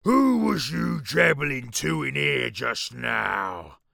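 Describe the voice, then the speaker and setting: A man voicing a brutish, bullying giant who booms his words slowly in a storybook reading. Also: very animated, creaky, no room sound, studio quality, full character voice. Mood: angry booming. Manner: slow, loud, booming, drawn out.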